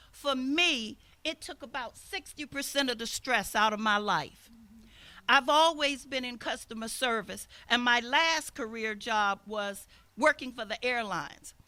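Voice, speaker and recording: A woman's voice: sits high, sharp tone. An older woman pastor giving an outdoor sermon, telling a story and acting out the people in it. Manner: storytelling, acts out quoted speakers.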